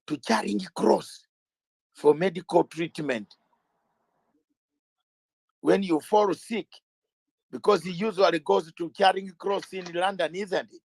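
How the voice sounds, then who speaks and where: A man's voice: high-pitched, vocal fry, no echo, rough recording. A man speaking as an interview guest, emphatic and fiery, hammering his points with repeated rhetorical questions and sometimes raising his voice. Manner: repeats words when starting out. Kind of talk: impassioned political talk.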